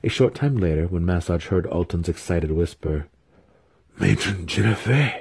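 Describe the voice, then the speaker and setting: A man reads a fantasy novel aloud at a measured, even pace of telling. His voice is deep and dark with a husky grain, and it sounds dry and close to the microphone. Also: dry recording. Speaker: audiobook reader.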